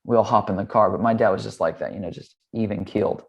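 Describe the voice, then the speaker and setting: Lowish-voiced male yoga teacher, relaxed interview guest, easy storyteller who acts out his characters. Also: fast talker, creaky, muffled recording. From Hawaii and California, US. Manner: relaxed, chatty, with many "um" and "like" fillers. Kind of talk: casual conversational storytelling.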